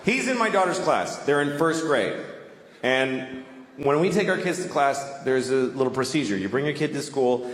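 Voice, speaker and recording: A man's voice: medium pitch, expressive, normal speed. A man from Boston doing a crude, ranting stand-up comedy set on a club stage. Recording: roomy club with audience noise.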